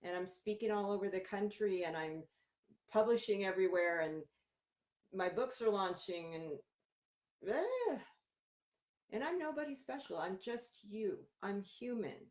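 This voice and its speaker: A woman's voice: medium pitch, unhurried, darkish tone, roomy sound. A middle-aged woman, a therapist, talking casually and candidly to viewers with lots of fillers and encouragement. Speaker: therapist and podcaster. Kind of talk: casual live video talk to viewers.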